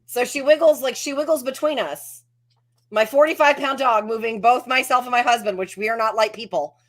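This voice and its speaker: A woman's voice: a little high, fairly quick, a bit bright. A woman chatting casually over a video call, telling stories and acting out what others say. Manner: chatty storyteller who acts out quotes. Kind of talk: casual chat.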